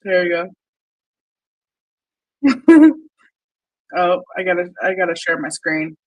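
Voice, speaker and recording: A woman's voice: lowish voice, expressive, slow, poor audio. A woman hosting casual commentary over a shared screen, mocking, swearing and laughing often. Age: adult with a young daughter. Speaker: commentary channel host.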